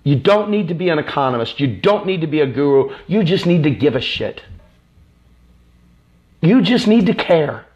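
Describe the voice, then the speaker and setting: A man's voice: on the high side, very animated, moderate pace, darkish tone, highs cut off. A man from the United States hosting a live stream. He delivers an impassioned, angry political rant that is repetitive and profane.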